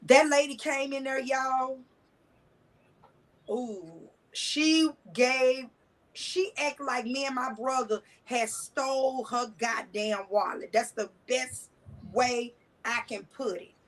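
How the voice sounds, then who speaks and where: A woman's voice: high-pitched, takes it slowly, poor audio. A woman guest telling a personal story in a candid, blunt, colloquial way, with cussing and restarts.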